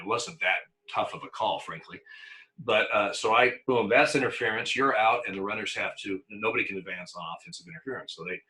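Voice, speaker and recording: An older man recounting his umpiring days in a casual interview. His voice is very bright and sharp, and he stumbles over repeated words and breaks into laughter. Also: lowish voice, poor audio. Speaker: former umpire.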